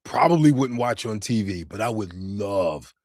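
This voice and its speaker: A man hosting a casual livestream chat from his home in Finland, reading and reacting to the live chat in a lively, talkative way. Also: lowish voice, normal speed, no echo, studio quality. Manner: animated, chatty, laughs and exclaims often. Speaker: livestream host.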